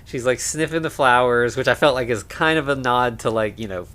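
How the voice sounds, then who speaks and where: A man co-hosting a podcast, casually recapping a film with lots of fillers and quick acted-out lines. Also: mid-range voice, a bit bright. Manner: laid-back, many fillers, acts out lines. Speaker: podcast co-host. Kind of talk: casual movie recap chat.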